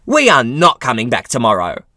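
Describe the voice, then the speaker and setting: A man's voice: medium pitch, wildly swooping pitch, normal speed, bright, forceful tone, no echo, clean studio sound, heavily acted. A man voicing a pushy, entitled middle-aged mother who argues indignantly with a cashier. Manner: indignant, demanding, screaming at times.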